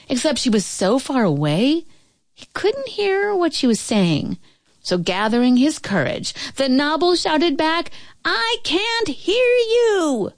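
Lively woman reading a storybook. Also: medium pitch, dry recording, studio quality. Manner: expressive, playful narration.

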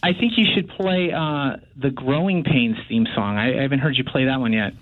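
A man's voice: medium pitch, moderate pace. A man calling in to a radio show, talking casually and stumbling over his words. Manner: hesitant, stumbling. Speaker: caller. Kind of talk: casual phone call. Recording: tinny phone line.

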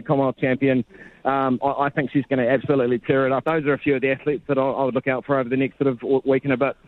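A man's voice: medium pitch, no room sound, phone-quality sound. A man, a sports reporter chatting casually on radio in a laid-back, rambling way. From New Zealand.

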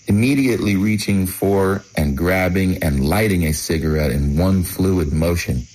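A man narrating a first-person memoir in a measured, matter-of-fact way, in short phrases. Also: sits low, darkish tone, low-quality recording.

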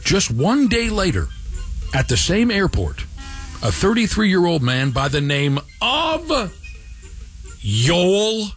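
A man's voice: high voice, huge pitch swings, measured pace, fairly bright tone, soft background music. A man hosting a radio show, telling an odd news story with sarcastic, mock-impressed banter.

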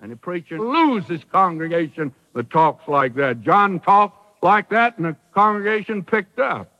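A man's voice: high-pitched, sing-song, unhurried, pushed and bright, in a large hall, highs cut off. A man preaching a sermon in a folksy, emphatic way, acting out quoted voices with drama. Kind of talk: radio sermon.

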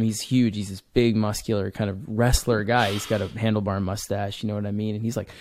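A man's voice: lowish voice, little pitch movement, brisk, few pauses, a little mellow, a little hiss or hum. A man, a comic book writer, talking earnestly and rambling in a casual interview. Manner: earnest, rambling, with many restarts.

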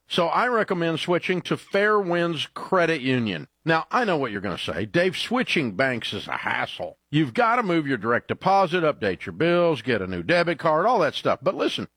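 A man's voice: a little high, a bit bright, dry recording. A man reading a radio ad in a direct, persuasive host style, leaning on key points. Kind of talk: conversational host-read ad.

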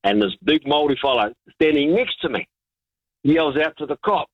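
A man, calling in to a radio show and telling an animated anecdote full of restarts and chuckles. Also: on the high side, moderate pace, husky, no room sound. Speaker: caller. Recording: dull, lo-fi line.

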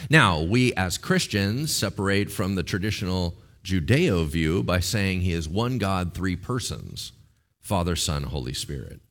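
Animated joking male preacher. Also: deep voice, unhurried. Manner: animated, joking, acts out voices. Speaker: pastor. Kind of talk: sermon.

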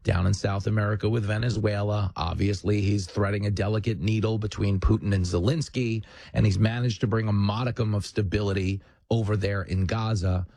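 A man's voice: fairly low pitch, fairly even intonation, fairly quick, vocal fry, warm tone, no echo. A male host delivering a punchy, combative political commentary monologue with jokes, on a studio mic.

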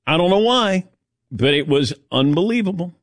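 A man hosting a sports radio show, telling lively personal stories and acting out other people's lines. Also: high voice, normal speed, no echo, clean studio sound. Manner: animated storyteller, acts out quotes. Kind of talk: casual sports radio chat.

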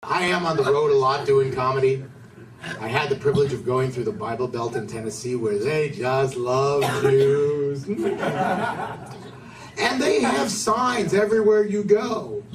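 A man's voice: medium pitch, unhurried. A man doing a stand-up comedy set with a dry, sardonic delivery. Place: comedy club stage. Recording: distant, roomy club recording with a noisy crowd.

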